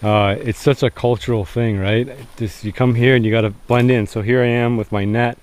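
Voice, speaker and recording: Out in rural fields at dusk, a survival challenge vlogger talks at normal speed in a medium-pitched voice that's steady, darkish and smooth. He chats directly to his audience, addressing them as guys.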